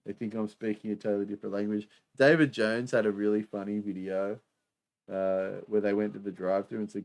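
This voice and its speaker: Livestream host: Australian man, low gravelly voice, chatty, easy laugh. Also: flat delivery, brisk, darkish tone. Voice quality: chatty, laughs often, many fillers. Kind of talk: casual live-stream chat reading comments.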